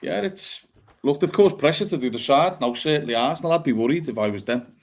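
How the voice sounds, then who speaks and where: A man's voice: fairly high pitch, animated, brisk. A man, a guest panelist on a casual football chat, talking analytically and leaning on tag questions.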